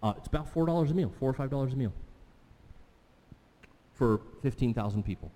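A man's voice: medium pitch, expressive, a little fast, mellow. A man pastor preaching a sermon in a conversational way, putting questions to the congregation. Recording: long hall reverb.

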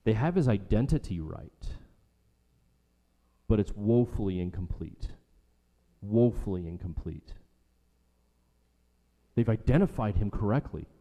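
A man's voice: fairly low pitch, animated, measured pace, pauses often, mellow. A man preaching a sermon as a pastor, emphatic and rhetorical, repeating his key lines for weight. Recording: long hall reverb.

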